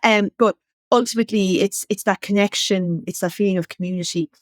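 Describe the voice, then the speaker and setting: Irish woman hosting a chat podcast, measured and thoughtful, dry close mic. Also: mid-range voice, steady tone, no echo. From Ireland. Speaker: podcast host. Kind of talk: casual interview chat.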